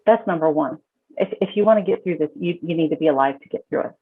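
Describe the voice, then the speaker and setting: A woman's voice: deep voice, fast talker, breathy edge. A woman counselor speaking as a podcast guest in an emphatic, casual way, often repeating her words as she starts a thought. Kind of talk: casual conversational advice. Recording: tinny phone-like call audio.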